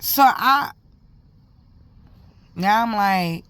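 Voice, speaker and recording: A woman's voice: lowish voice, normal speed, dry recording. A mother telling a story to camera in a casual, heated and profane way, talking in emphatic run-on bursts.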